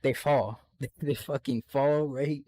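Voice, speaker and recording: A man's voice: mid-range voice, measured pace, dry recording. A young man tells a rowdy story on a casual podcast. His voice sits in the middle of the range and the mic is close and dry. He swears freely and acts out the lines of the people in his story. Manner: animated, profane storytelling with acted-out quotes. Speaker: podcast co-host.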